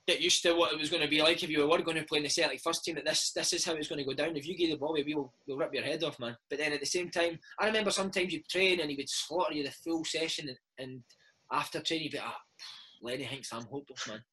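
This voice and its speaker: A Scottish man in his thirties, a former footballer telling animated stories in a casual interview chat, dropping "mate" into every other line. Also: a little high, fast talker, husky, low-quality recording. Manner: animated storytelling, peppered with "mate". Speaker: former footballer and podcast host, interview guest.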